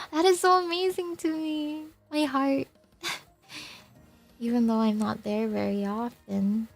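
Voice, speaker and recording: A young woman streamer talks to her viewers in a slow, gentle way, her voice gravelly with vocal fry. She laughs often and sounds teary as she chats. Faint music plays behind her. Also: sits high, steady tone. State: crying. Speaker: VTuber streamer. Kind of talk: casual chat with viewers.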